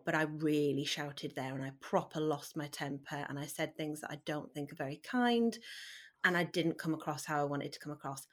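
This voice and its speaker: A woman in her thirties, talking candidly and earnestly as a podcast guest, with sudden lively bursts. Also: sits low. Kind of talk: candid conversational talk.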